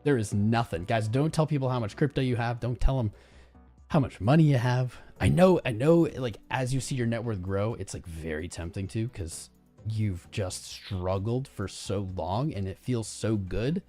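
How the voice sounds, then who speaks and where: A man's voice: medium pitch, moderate pace, soft background music. A young man hosting a crypto trading livestream, ranting casually and talking straight to his viewers with slang like "man" and "bro". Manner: animated, slangy, talks to viewers as "guys" and "man".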